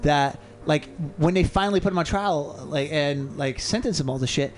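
A man co-hosting a radio show in a studio, telling a long story in a rambling, animated way and swearing freely. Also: a little high, moderate pace, slight background noise. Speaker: co-host. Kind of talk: casual storytelling on talk radio.

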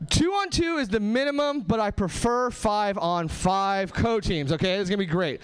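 A Southern California man performs a stand-up set on a club stage, punchy and animated, pushing his voice high and low for effect. He talks at a normal speed with hardly any pauses, in a clean tone.

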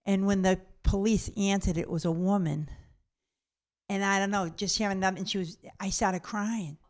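A woman's voice: medium pitch, steady tone, moderate pace, a little mellow. A woman telling a funny story about herself, blunt and cheerfully profane. She acts out the people in the story as she goes, shifting into their voices for each quote. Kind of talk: comedic personal story told aloud.

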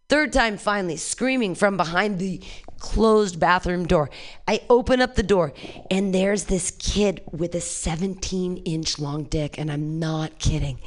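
Unhurried and from California, she works through a crude, brash stand-up routine, her delivery alternating between screamed punchlines and quiet grumbled remarks.

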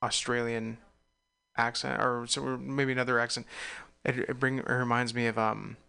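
Easygoing host with a gravelly edge. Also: medium pitch, level tone, normal speed, sharp tone. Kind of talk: casual chat.

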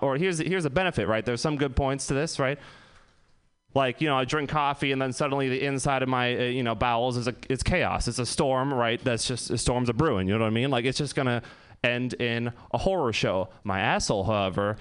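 A man's voice: mid-range voice, fairly quick, fairly bright tone, clear, resonant tone. A man in his twenties doing a loose, profane stand-up set, laughing often as he tells stories. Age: 20s. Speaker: stand-up comedian.

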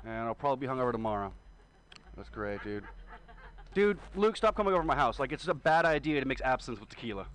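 A man's voice: medium pitch, very animated, quick pace, fairly bright tone, slight background noise, poor audio. A man in his twenties doing a rambling, self-deprecating stand-up set while hungover. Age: 20s. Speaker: stand-up comedian. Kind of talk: stand-up set at an open mic.

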